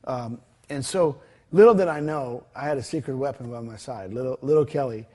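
A man with a husky voice at an ordinary middle pitch, telling a story as a guest. He talks in a conversational, animated way, acting out the dialogue with plenty of fillers and restarts. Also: fairly quick. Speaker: guest telling a ministry testimony.

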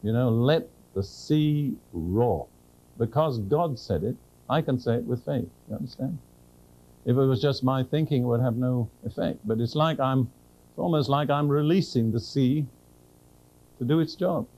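Earnest and direct, a preacher keeps putting questions to his audience and slows to read scripture emphatically. He has a mellow, mid-range voice, heard through poor audio.

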